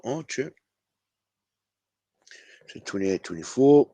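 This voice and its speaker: A man's voice: medium pitch, expressive, takes it slowly, mellow, no room sound. A man with a New Zealand accent hosting a casual fan livestream, laid-back and slangy, calling everyone bro. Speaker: fan show host.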